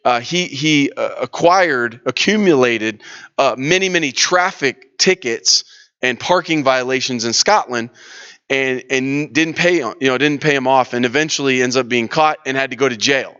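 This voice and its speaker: A man's voice: mid-range voice, normal speed, pushed and bright, clean tone, lo-fi sound. A man leading a church leadership workshop, talking in a casual, storytelling way with lots of restarts and fillers. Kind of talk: conversational teaching session.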